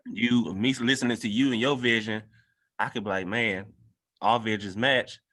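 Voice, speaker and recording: Bright-voiced man hosting a casual talk. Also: lowish voice, fairly even intonation, normal speed. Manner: earnest, loose and conversational. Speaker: guest host. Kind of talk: casual podcast discussion.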